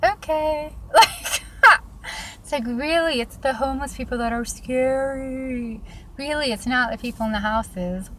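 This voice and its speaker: A woman's voice: sits high, unhurried, a bit bright, slight background noise. A young woman casually telling stories about her own life, chatty, laughing often and using lots of fillers. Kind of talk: casual storytelling vlog.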